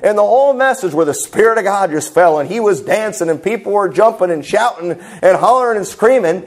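A man's voice: sits high, lively intonation, a little fast. A man, preaching a sermon in a church, conversational with joking, mocking asides. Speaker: pastor. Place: church sanctuary.

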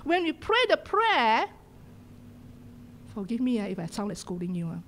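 A middle-aged woman pastor with a Singaporean English accent preaching a sermon in a church, swinging from loud exhortation to hushed whispers. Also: on the high side, big pitch swings, moderate pace, slight background noise. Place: church sanctuary.

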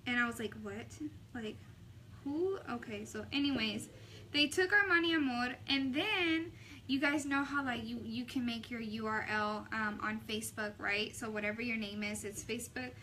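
A young woman talks through a makeup tutorial in a chatty, sassy way, full of quick asides. Her voice sits high and sounds bright and a little sharp, with faint ambient hiss behind her. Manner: chatty, sassy, animated retelling. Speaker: makeup vlogger. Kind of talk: casual makeup tutorial chat.

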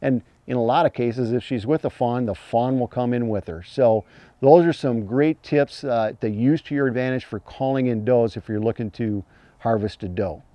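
A man teaching hunting calls in a plain-spoken, folksy way, breaking into high imitated fawn cries as he explains. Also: moderate pace, warm tone, no room sound. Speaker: hunting call instructor. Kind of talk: instructional talk.

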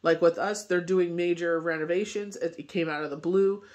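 A man's voice: high-pitched, steady tone, normal speed, a little mellow. A man reading tarot cards in a casual spoken forecast, talking in a loose, rambling way full of fillers. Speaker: tarot reader and medium.

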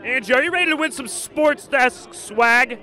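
A man hosting a high school football show, calling highlights and hyping up fans with shouted catchphrases. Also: moderate pace. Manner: energetic hype, shouts catchphrases, eggs on the crowd. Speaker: sports show host. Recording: loud crowd and music at a stadium. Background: cheering crowd and music.

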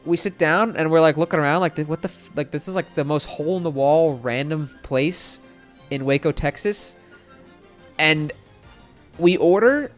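A young man casually telling a long story as a streamer, rambling with lots of filler words and swearing. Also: a little high.

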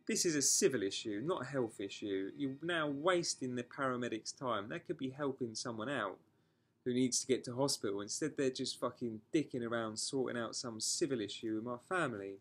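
A man's voice: medium pitch, brisk. A man telling a personal story to camera in a candid vlog, frank and emotional, swearing freely and restarting his sentences as he goes. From England. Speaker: vlogger.

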